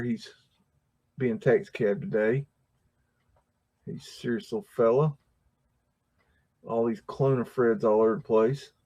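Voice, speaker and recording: A man's voice: medium pitch, darkish tone. A man hosting a livestream, talking casually through old photographs in a rambling way, with many fillers and restarts and frequent chuckles. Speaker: livestream host.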